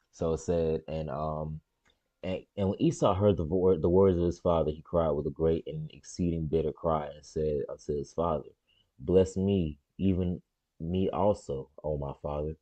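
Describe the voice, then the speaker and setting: A man on a live stream reading the Bible aloud and explaining it in casual slang, repeating words and jumping into high excited voices for the characters. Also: dry recording, lo-fi sound. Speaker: stream host reading scripture.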